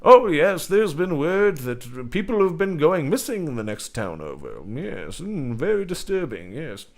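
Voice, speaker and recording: A man voicing a gossiping tavern informant who passes on rumors with drawn-out, knowing murmurs. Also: on the high side, big pitch swings, pitched above the performer's own voice. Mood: conspiratorial.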